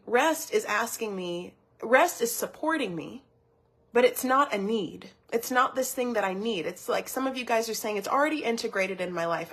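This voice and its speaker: A woman's voice: on the high side, fairly bright tone, slightly rough. A woman giving a motivational teaching talk as a wellness coach, earnest and personal, often repeating words as she thinks.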